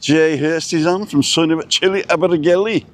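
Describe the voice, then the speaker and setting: A man's voice: on the high side, moderate pace, no echo. A middle-aged man hosting a casual live stream outdoors. He rambles and reads out viewers' names with small asides. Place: outdoors with a view over hotels. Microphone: camera set down in front of him.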